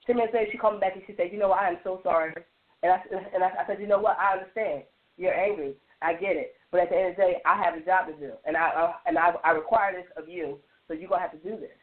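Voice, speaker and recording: A woman on a radio panel, telling stories with lively restarts and lots of "like". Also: lowish voice, racing. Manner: animated storytelling with many restarts and repeated "like". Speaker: roundtable panelist. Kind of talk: casual radio panel chat. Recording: tinny phone-line sound.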